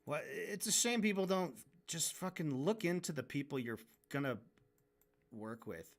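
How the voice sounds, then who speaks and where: A man's voice: fairly high pitch, lively intonation, moderate pace. A man livestreaming while he draws, ranting casually and frankly, swearing and often restarting his sentences. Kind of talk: casual rant during a drawing stream.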